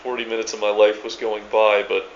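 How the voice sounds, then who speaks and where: A man's voice: lowish voice, level tone, brisk, highs cut off, a little hiss or hum. A man from New Orleans with a local accent, recording an emphatic, stammering video reply and swearing casually. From New Orleans area. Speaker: video blogger.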